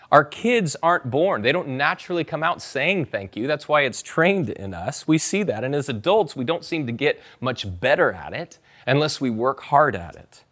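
Conversational pastor preaching a sermon. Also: male voice, fairly high pitch, fairly bright tone. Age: adult parent. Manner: conversational preaching, urging the congregation to repeat scripture.

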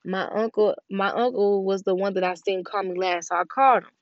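A woman's voice: medium pitch, fairly quick, no echo. A young woman telling a personal story in a casual, emotional way and talking straight to her viewers. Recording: dull, dry recording.

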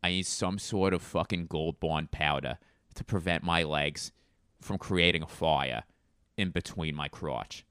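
A man's voice: extremely low pitch, measured pace, fairly bright tone, smooth, no echo, clean studio sound. A man doing a crude grumbling Boston guy. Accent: mock Boston.

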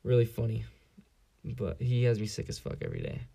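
A man's voice: lowish voice, wildly swooping pitch, fairly quick, gravelly, warm tone, slightly rough. A young man in his late teens from San Diego, hosting a solo podcast in a casual, rambling and profane way with lots of fillers. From San Diego area, US. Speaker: podcast host.

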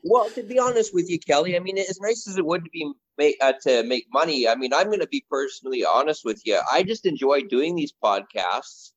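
A man co-hosting a podcast, chatting in a relaxed, easygoing way and laughing along. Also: a little high, brisk, few pauses. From Canada. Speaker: podcast co-host. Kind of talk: casual podcast chat. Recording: dull lo-fi sound.

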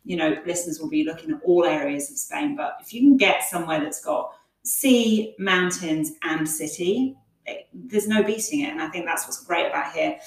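A woman's voice: deep voice, moderate pace. Chatty woman, roomy and off-mic. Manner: chatty, storytelling, frequent fillers. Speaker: guest. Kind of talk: casual interview chat. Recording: echoey room, distant from mic.

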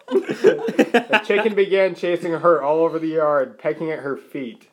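A man's voice: on the high side, big pitch swings, slow. A man co-hosting a podcast, reading a comic story aloud and laughing through it. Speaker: podcast co-host.

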